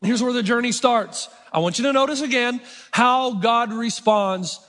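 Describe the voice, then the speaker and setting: High-voiced preacher in an echoing hall. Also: male voice, moderate pace, fairly bright tone. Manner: conversational, self-mocking humor. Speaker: pastor. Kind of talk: sermon. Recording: long hall reverb.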